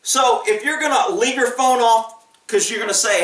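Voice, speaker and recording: A man's voice: very high-pitched, normal speed, a bit bright, recorded from a distance. A man who works as a police officer giving blunt, emphatic advice in a casual vlog monologue. He often acts out what callers and dispatchers might say. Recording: echoey room, voice off-mic.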